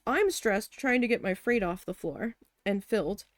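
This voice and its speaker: A woman's voice: medium pitch, expressive, moderate pace, dry recording, clean studio sound. A woman telling a story in casual chat while crafting, chatty and exasperated, swearing now and then. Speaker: craft vlogger.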